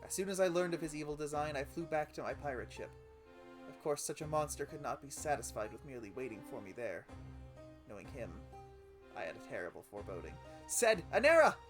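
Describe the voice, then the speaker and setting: A man streaming a game, reading a sad first-person story aloud with feeling and sudden loud cries. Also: mid-range voice, fast. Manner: emotive, with sudden loud outcries on names. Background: music.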